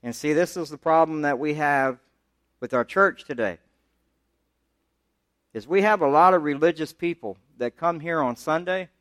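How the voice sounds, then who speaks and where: Preaching pastor, plain dry sound. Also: male voice, normal speed, long pauses, a bit bright, no room sound. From United States. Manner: conversational preaching, rising in pitch when pressing a point. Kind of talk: sermon.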